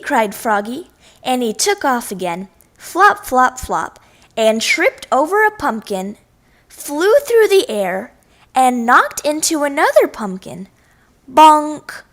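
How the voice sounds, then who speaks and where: A woman reading a children's picture book aloud, expressive and playful with sound effects. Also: fairly high pitch. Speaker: storyteller. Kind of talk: children's story read-aloud.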